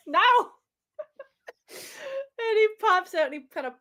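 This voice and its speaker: A woman's voice: very high-pitched, animated, slow, a bit bright. Woman game master narrating with laughter. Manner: laughing, rambling narration with fillers.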